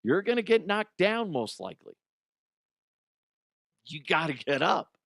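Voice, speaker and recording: A man's voice: a little high, sing-song, a little slow, gravelly, fairly bright tone, no echo. A middle-aged man hosting a casual podcast monologue. He talks bluntly, swears freely and acts out quotes in a raised voice. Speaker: podcast host and youth coach.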